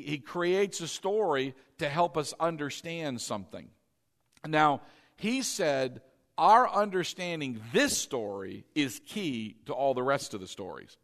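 A fairly high-voiced male pastor preaching in a church sanctuary, with long reverb trailing each phrase. He leans on repetition and keeps checking in with the congregation through questions. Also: fairly bright tone. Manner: repeats key words and asks the congregation questions. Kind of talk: sermon.

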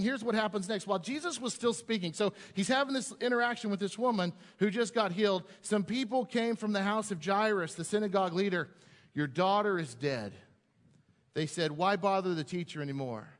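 High-voiced male preacher in a reverberant hall. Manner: animated, repeats words when building a point. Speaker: pastor. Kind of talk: sermon with scripture reading.

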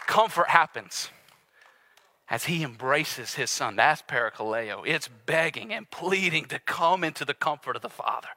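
A male pastor preaching a sermon earnestly and confessionally, swinging between loud urgency and hushed intimacy. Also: sits high, animated, fairly quick, dry recording. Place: church sanctuary with live and online audience.

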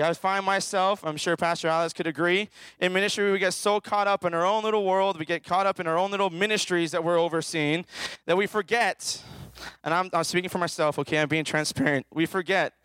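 A man's voice: sits high, fairly bright tone, smooth, dry recording. A man, a children's minister, preaching a playful sermon and calling on the audience to answer and repeat after him. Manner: playful, calls out for audience participation.

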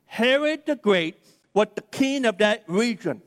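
High-voiced preacher in a booming hall. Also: male voice, a little slow. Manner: lively, humorous storytelling with acted-out quotes. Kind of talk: sermon storytelling. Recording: long reverb of a large hall.

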